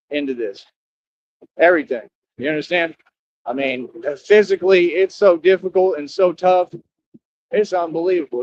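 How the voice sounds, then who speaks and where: A man giving a rambling, boastful livestream monologue outdoors near a highway, scolding his viewers and repeating himself. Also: muffled recording. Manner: talks straight to his viewers, scolding them.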